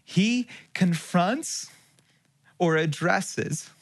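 A middle-aged man preaching a sermon as pastor, telling a personal story, dropping to a hush and then rising again. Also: high-pitched, very slow. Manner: storytelling with swings between hushed and raised passages.

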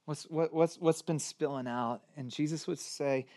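A man in his thirties preaching a sermon, chatty and informal, swinging from loud stress to quiet, hushed lines. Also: on the high side, steady tone, unhurried. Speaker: pastor.

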